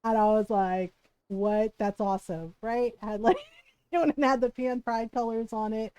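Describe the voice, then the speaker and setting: A woman with a high voice tells an animated story to her stream, laughing often and tossing in "right?" every few lines. The sound is close and dry. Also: moderate pace, clear, resonant tone, no room sound. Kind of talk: casual storytelling chat.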